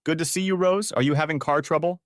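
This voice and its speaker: A man's voice: fairly high pitch, fairly even intonation, fast, no echo, studio quality, voice pushed up, lightly acted. A man voicing a bitter, heartbroken mechanic who rants in an audiobook story. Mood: friendly. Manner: bitter, ranting.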